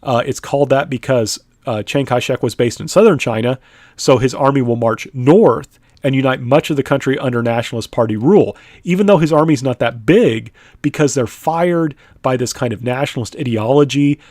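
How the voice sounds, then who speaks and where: In a conversational lecture style, a man teaches a history lesson in a mid-range, darkish voice at a fairly quick pace, recorded at studio quality with no room sound. He often checks in with "right?", fills gaps with many "uh"s, and sometimes speaks as the people he describes.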